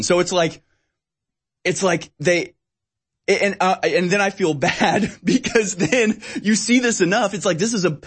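A man speaking in a rather high voice, rambling through a casual conversation. He often drops into mocking voices to act out what other people say, then carries on in his own. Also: normal speed, slightly rough.

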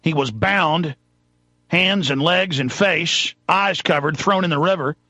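High-pitched ranting man, sharp and loud. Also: unhurried, no room sound. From Texas. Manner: shouting, accusatory, ranting. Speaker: talk show host. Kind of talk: angry political rant.

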